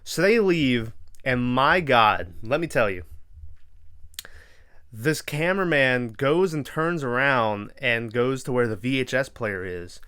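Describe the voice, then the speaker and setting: A man's voice: medium pitch, animated, takes it slowly, sharp tone, smooth, dry recording, studio quality. A young man hosting a podcast, casually retelling a horror film's plot in a rambling, profane way with lots of fillers. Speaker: podcast host. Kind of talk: casual movie recap.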